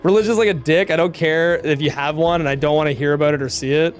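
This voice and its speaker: A man with a notably high speaking voice talks loosely to his stream audience, relaxed and quick to swear or laugh. Soft music plays faintly underneath. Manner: laid-back, swears and laughs often. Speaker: game streamer. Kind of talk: casual stream commentary.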